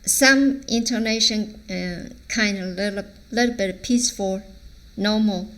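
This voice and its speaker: A woman's voice: mid-range voice, measured pace, a bit bright. A woman teacher with a Chinese accent, a native Chinese speaker, explaining phrases and acting out their intonation in a language lesson. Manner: demonstrates phrases with varied intonation.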